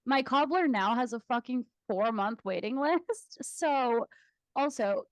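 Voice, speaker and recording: A woman's voice: fairly high pitch, animated, slow, dry recording, clean studio sound. A young woman co-hosting a podcast, telling stories in casual chat, laughing often and swearing. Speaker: podcast co-host.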